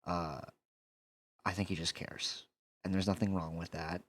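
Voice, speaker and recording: A man voicing a patient, fatherly male adventurer who speaks in a gentle, halting way with many fillers. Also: low-pitched, little pitch movement.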